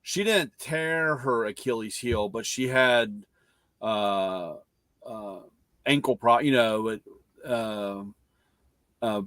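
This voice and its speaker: A man's voice: medium pitch, slow, long pauses, no echo. A middle-aged man hosting a casual car-talk chat, telling rambling stories and acting out what others said. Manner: rambling storyteller, acts out quotes loudly. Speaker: podcast host.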